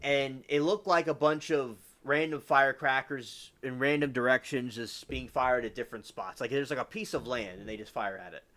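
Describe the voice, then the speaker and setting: A man's voice: mid-range voice, normal speed, hardly any pauses, bright, forceful tone. Rambling man hosting a livestream. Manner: rambling, reads chat aloud and answers viewers. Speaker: livestream host. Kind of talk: casual livestream chat.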